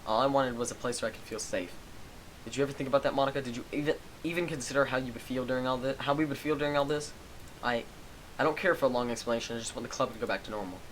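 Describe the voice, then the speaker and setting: A man's voice: mid-range voice, very fast, slight background noise, lightly acted, poor audio. Hurt, pleading teen girl in a story game, read by a man, subdued. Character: hurt, tearful teenage girl in a school club.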